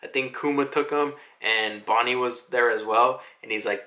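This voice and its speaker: Bright-voiced man rambling through a recap. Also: medium pitch, moderate pace. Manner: rambling, filler-heavy, profane. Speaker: manga chapter reviewer. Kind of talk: casual chapter recap.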